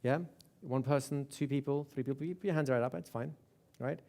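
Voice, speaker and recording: A man's voice: medium pitch, steady tone, fairly quick, mellow. Guy teaching a hypnosis class live, chatty, restarts a lot, keeps saying right?. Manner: conversational, with repeated checks like "right?"; restarts and repeats words. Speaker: hypnosis instructor.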